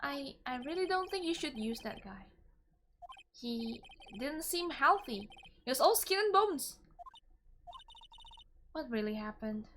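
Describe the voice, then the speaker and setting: A woman streamer reading game dialogue aloud, expressive and animated, with casual asides. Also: sits high, a little slow, long pauses, slight background noise.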